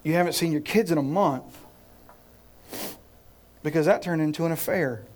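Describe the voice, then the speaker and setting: A man preaching a sermon as pastor, telling a story in an animated way, acting out scenes and speaking straight to his listeners. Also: a little high, moderate pace.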